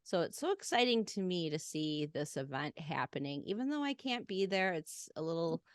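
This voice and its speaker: A woman's voice: lowish voice, very animated, normal speed, no echo, studio quality. A woman hosting a casual chat, effusive and encouraging toward her guest. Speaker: host. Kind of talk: casual conversation.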